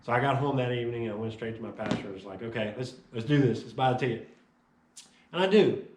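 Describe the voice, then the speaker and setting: A man shares his life testimony in a lively storytelling way, jumping into the voices of the people he met. His voice sits at an ordinary middle pitch. The sound carries a noticeable room echo. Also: quick pace, far from the mic. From Chicago. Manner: animated storyteller acting out dialogue. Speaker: testimony speaker. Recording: echoey room.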